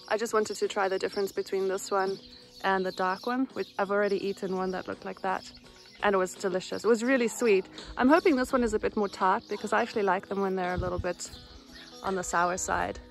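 A woman's voice: medium pitch, steady tone, brisk, gravelly, faint music behind. A woman walking outdoors through a rural village, chatting cheerfully to her camera in a casual vlog. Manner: cheerful, chatty, laughs often. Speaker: vlogger.

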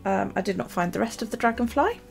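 A woman chatting casually about her journal and her chores, rambling with many pauses and ums. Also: medium pitch, vocal fry, faint music behind. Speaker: journaling vlogger. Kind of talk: casual chat.

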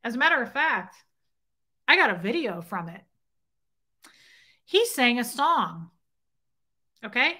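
A woman's voice: on the high side, sharp tone. A middle-aged woman hosting a casual livestream, telling a story bluntly and swearing, and stopping to greet viewers in chat. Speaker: livestream host.

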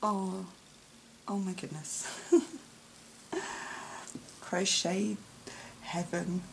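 A woman filming a craft gift unboxing vlog, gushing and gasping with delight and often dropping to a soft whisper. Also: lowish voice, fairly even intonation, slow pace, creaky, pauses often, slight background noise, rough recording. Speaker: craft vlogger.

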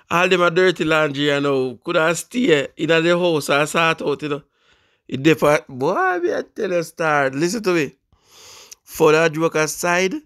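A man with a Jamaican accent hosting a casual commentary show, bantering lively in Patois. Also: mid-range voice, no echo, studio quality. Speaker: host.

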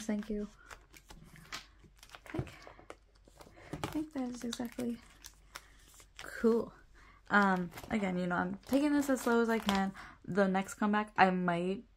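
A woman's voice: mid-range voice, a little hiss or hum. A young woman chatting casually while sorting her photocards, rambling, laughing often and correcting herself. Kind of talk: casual chat.

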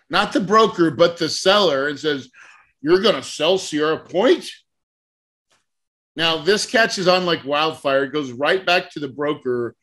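Bright-voiced man telling a lively story. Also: fairly high pitch. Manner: animated, acts out conversations, laughs often. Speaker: podcast host and real estate mentor. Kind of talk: lively storytelling in a podcast interview.

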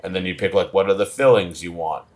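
A man's voice: sits low, quick pace, noisy background. A man co-hosting a comedy podcast, telling stories in a rambling, meandering way during casual banter. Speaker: comedian co-host.

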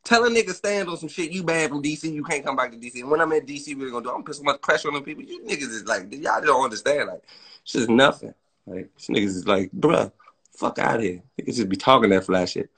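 A man in a heated, profane, boastful rant, swinging between loud outbursts and muttered asides. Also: mid-range voice, fast talker, vocal fry, slightly rough.

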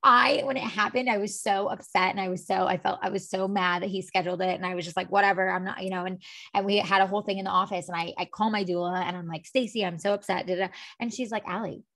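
A woman's voice: mid-range voice, fairly even intonation, quick pace, gravelly, a bit bright. A woman hosting a podcast, telling a personal story in rambling casual chat full of filler words. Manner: rambling storyteller, many "like"s and "you know"s. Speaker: podcast host.

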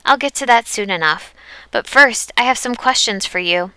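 A woman reading a calm, unflappable woman. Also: a little high, moderate pace, smooth, no echo, voice pushed up. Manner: easy, unbothered.

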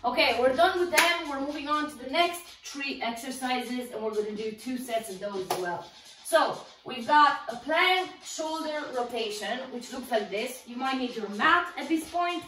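A woman's voice: sits high, bright, forceful tone, echoey room, recorded from a distance, rough recording. A woman fitness instructor coaching a home workout, encouraging and counting down while exercising along, a little out of breath.

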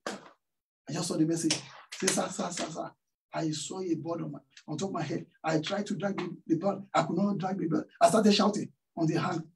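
A man's voice: fairly high pitch, fairly even intonation, moderate pace, creaky, recorded from a distance, slight background noise, low-quality recording. A man preaching a sermon, telling a story and tossing questions out to the congregation. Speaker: pastor. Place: church hall.

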